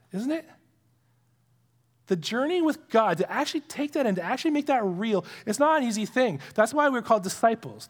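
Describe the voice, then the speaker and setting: A man preaching a sermon in a conversational, earnest way, dropping to a near whisper to stress a point. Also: sits high. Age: adult with young children. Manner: conversational and earnest, drops to a hush for emphasis. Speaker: pastor.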